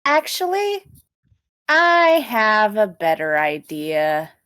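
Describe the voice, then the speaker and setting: A woman's voice: medium pitch, big pitch swings, slow. A woman voicing a scheming young woman adventurer in a tabletop game, speaking slyly and calling out orders. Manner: sly, then shouting commands.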